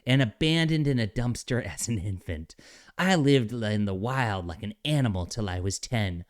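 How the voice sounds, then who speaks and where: A man's voice: fairly low pitch, expressive, moderate pace, close to an everyday voice. Man putting on a prim rock creature, preachy, lecturing, comic read aloud. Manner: earnest, lecturing, mocking "soy voice".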